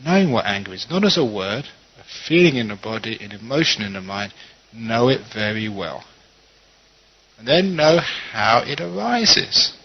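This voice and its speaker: A middle-aged man, a Buddhist monk, giving a conversational dharma talk and teaching gently, with quoted asides. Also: lowish voice, big pitch swings, moderate pace, husky. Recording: dull lo-fi talk recording.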